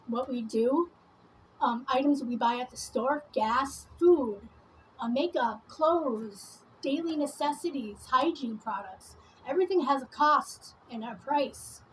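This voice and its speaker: A woman's voice: sits high, a little hiss or hum, poor audio. A woman vlogger talking while doing her makeup, in a heated, rambling monologue full of swearing.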